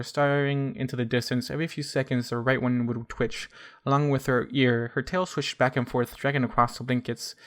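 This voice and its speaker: A man's voice: mid-range voice, sharp tone. A man reading a first-person fan fiction story aloud, often stumbling and correcting himself. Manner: stumbling restarts and self-corrections.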